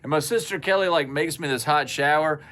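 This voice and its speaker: A man's voice: on the high side, fairly quick, a bit bright. A man telling stories as co-host of a casual chat show, acting out voices from his childhood. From South Carolina. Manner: storytelling, acts out childhood voices. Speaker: podcast co-host. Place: small studio room.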